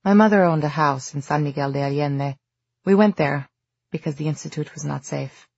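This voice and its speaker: A woman's voice: low-pitched, creaky, darkish tone, breathy edge, no echo, muffled recording, full character voice. A reader doing an earnest, composed young woman from Mexico. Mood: wistful formal. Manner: measured, formal, slightly wistful.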